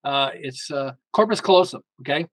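A man speaking as a guest in an interview, an emphatic, lively storyteller who often restarts his sentences. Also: on the high side, brisk, dry recording, poor audio. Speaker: guest author. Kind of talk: casual interview talk.

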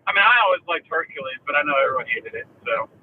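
A man chatting casually as a guest, chiming in with quick, joking remarks. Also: a little high, expressive, slightly rough. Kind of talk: casual chat. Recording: tinny phone-like line with faint hiss.

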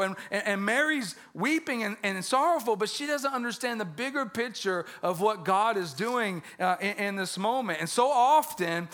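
Male pastor, high and bright-toned, conversational sermon, stumbles and repeats words. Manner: conversational and joking, with frequent restarts and repeated words.

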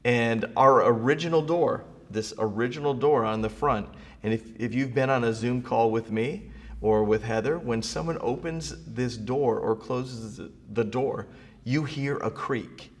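A middle-aged man preaching a sermon as pastor, moving from quiet storytelling to rising, emphatic preaching. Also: mid-range voice, a little slow. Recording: long reverb of a large hall.

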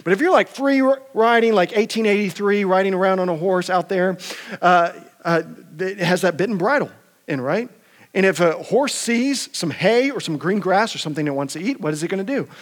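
A pastor preaching a conversational sermon, asking rhetorical questions and often repeating words. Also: male voice, high-pitched, expressive, fairly quick.

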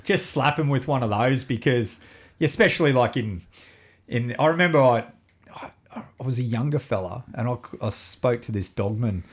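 A man's voice: mid-range voice, moderate pace, husky. A younger Australian man, a podcast guest, telling stories in casual chat with plenty of swearing. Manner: swearing, storytelling, animated.

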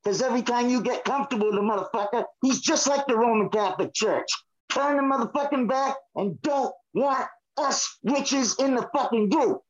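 A man's voice: very high voice, normal speed, dull audio. A man co-hosting a podcast, ranting angrily and swearing hard. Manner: angry, swearing, fired up. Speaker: podcast co-host. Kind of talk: profane ranting chat.

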